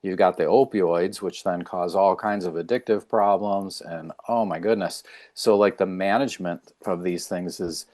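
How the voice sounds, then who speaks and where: A man's voice: sits low, moderate pace, few pauses. A middle-aged man, a chiropractor being interviewed, talking casually and acting out quoted dialogue as he tells stories. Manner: animated storyteller, acts out quoted dialogue. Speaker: chiropractor guest.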